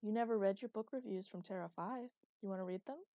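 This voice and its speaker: A woman voicing a wry, gently teasing young man in an audiobook, with a mellow voice. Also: mid-range voice, quick pace, no echo, natural voice. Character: dry, teasing young man, patient partner.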